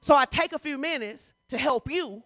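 A woman pastor preaching a sermon in a conversational, informal way, switching between loud emphasis and hushed asides. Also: sits high, normal speed. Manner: informal, talks straight to the congregation.

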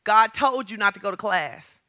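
A woman pastor preaching a lively sermon, asking the congregation questions and building to shouts. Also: medium pitch, moderate pace. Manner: talks straight to the congregation with questions.

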